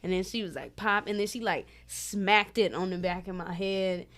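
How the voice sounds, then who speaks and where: A woman's voice: lowish voice, moderate pace. A woman from Cleveland, Ohio, a comedian guest, telling stories in casual chat and acting out the people in them. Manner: animated storytelling, acts out quotes with laughter.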